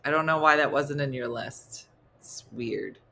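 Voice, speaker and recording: A woman from New Jersey hosting a live morning show, chatting and reading viewer comments aloud with quick asides. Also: low voice, creaky, fairly bright tone, a little hiss or hum.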